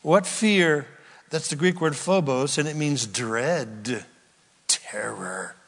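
A man preaching a sermon as a pastor, stressing key words with drawn-out emphasis. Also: medium pitch, fairly bright tone. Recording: long reverb of a large hall.

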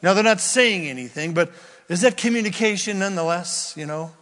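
A man preaching a sermon as a pastor, stressing key words with drawn-out emphasis. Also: high-pitched, a bit bright. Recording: long reverb of a large hall.

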